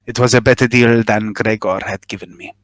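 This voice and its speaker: A man voicing a nervous middle-aged body smuggler in a tabletop game, confessing in a halting, self-justifying way. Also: on the low side, fairly even intonation, fairly bright tone, no room sound, voice pushed down, natural voice. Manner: halting, eager to justify himself.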